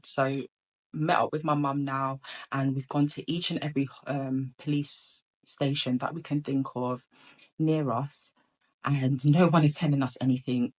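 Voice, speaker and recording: A woman's voice: low-pitched, a little mellow, low-quality recording. A woman telling a personal story in a casual storytime monologue, rambling with many ums and restarts.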